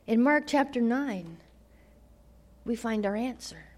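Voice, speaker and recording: A woman preaching a sermon, dramatic, swinging from loud declarations to hushed near-whispers. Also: fairly high pitch, animated, slow.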